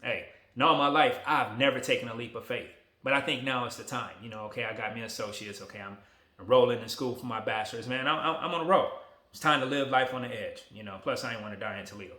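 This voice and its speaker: A man in his forties talking casually to a phone camera, relaxed, emotional and motivational. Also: mid-range voice, fast talker, echoey room. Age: 40s. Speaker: vlogger.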